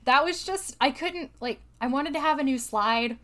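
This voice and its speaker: Young woman, high voice, chatty, laughs a lot, podcast co-host. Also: normal speed, fairly bright tone. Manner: chatty, laughing often, many fillers. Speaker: podcast co-host presenting slides. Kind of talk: casual chat.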